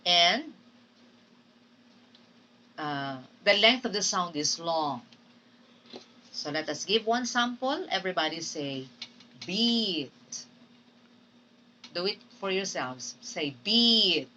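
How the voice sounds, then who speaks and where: A woman's voice: lowish voice, animated, slow, long pauses, sharp tone, distant mic, slight background noise, rough recording. A Filipino woman teaching English phonetics in a recorded lecture, drilling example words and often checking in with "Okay?". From Philippines.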